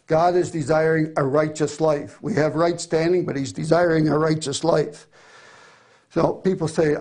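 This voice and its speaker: Male preacher, middle-aged, earnest and emphatic, a touch higher-pitched. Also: fairly even intonation, moderate pace, darkish tone. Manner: earnest, emphatic scripture reading. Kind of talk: sermon.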